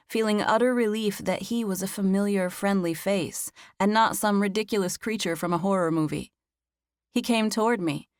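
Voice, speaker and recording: A woman narrating a first-person romance audiobook with an expressive read, close on a studio mic. Her voice sits a bit low for a woman and the recording is dry, with no room sound at all. For the heroine's nervous lines she lifts her pitch high. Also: dry recording.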